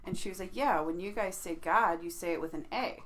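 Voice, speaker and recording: A woman's voice: fairly low pitch, fast talker. Brash, profane woman telling stories. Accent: Chicago. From American Midwest. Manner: animated, profane, laughing storyteller. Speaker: podcast co-host. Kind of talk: casual storytelling chat.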